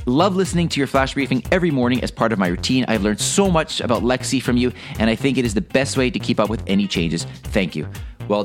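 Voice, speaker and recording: A man hosting a daily flash briefing podcast, talking casually and upbeat, with fillers and restarts. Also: mid-range voice. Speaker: podcast host.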